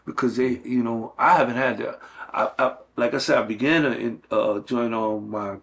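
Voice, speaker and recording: A man's voice: mid-range voice, fairly even intonation, moderate pace, creaky, fairly bright tone. A middle-aged man talking earnestly in a casual conversation, with many fillers and restarts. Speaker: guest.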